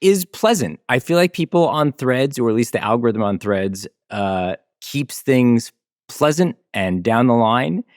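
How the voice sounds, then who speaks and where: A man's voice: medium pitch, animated, measured pace, no echo, studio quality. A man joining a podcast chat, laid-back and jokey, with lots of "like" and "um". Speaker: podcast guest panelist. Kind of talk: casual chat.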